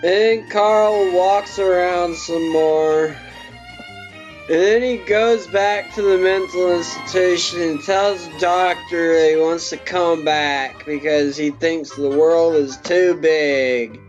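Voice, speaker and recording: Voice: mid-range voice, steady tone, takes it slowly. A drunk film reviewer rambling through a profane comic plot recap. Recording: dull lo-fi with faint music.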